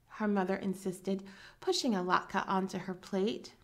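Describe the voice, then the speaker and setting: A woman reading a children's story aloud in a gentle, storytelling manner. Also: mid-range voice, fairly even intonation, a little slow.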